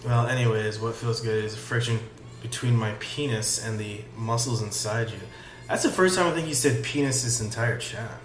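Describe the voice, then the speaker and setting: A man's voice: on the low side, moderate pace. Sarcastic man reading aloud in an echoey room. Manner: sarcastic, swears, reads lines flatly. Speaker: streamer reading and commenting on a chat log. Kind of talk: casual commentary, reading aloud. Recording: echoey room with faint music.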